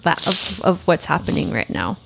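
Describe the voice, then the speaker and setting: A woman's voice: fairly low pitch, very animated, moderate pace, creaky, a bit bright, breathy edge. A woman co-hosting a podcast in casual chat, upbeat, direct and reassuring, in a studio booth. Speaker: podcast co-host. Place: recording booth.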